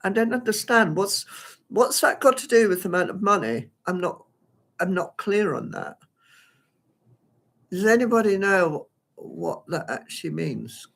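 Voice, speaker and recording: A man's voice: sits high, lively intonation, a little slow, gravelly, a bit bright. A man giving a live solo performance at home, rambling and flustered as he talks to himself. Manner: rambling, flustered self-talk. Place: at home by a window.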